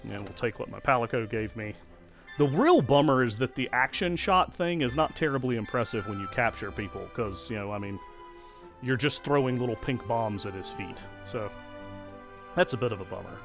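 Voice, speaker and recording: A man's voice: medium pitch, lively intonation, normal speed, gravelly, over music. A man casually commenting on his video game session, chatty and self-deprecating. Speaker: let's play host.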